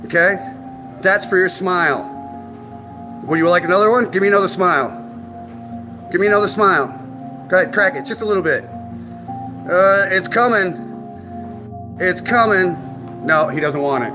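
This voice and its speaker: A man's voice: high voice, a little fast, pauses often, music in the background. A man confronting officials on camera, formally polite yet insistent and sarcastic, repeating 'sir' and 'ma'am'. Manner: sarcastic, needling. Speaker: activist filming an encounter with officials. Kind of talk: confrontational filmed exchange.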